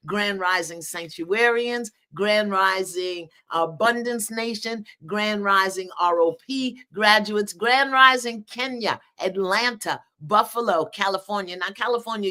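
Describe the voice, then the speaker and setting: An older woman hosting a live stream, exuberantly greeting viewers and calling out their cities. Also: mid-range voice. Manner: lively, exuberant, calls out cities. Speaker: host of a livestream.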